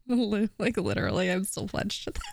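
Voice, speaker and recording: A woman's voice: medium pitch, sing-song, normal speed, vocal fry, a little hiss or hum. A woman co-hosting a gaming podcast, chatting casually with lots of "like" and swearing, laughing often. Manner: giggly, swears freely, fillers like "like". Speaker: podcast co-host. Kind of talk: casual chat.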